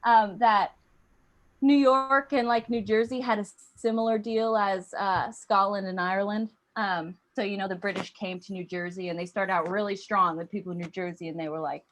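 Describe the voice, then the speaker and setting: A young woman doing a stand-up comedy set, animated and slipping into accent impressions. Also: mid-range voice, moderate pace.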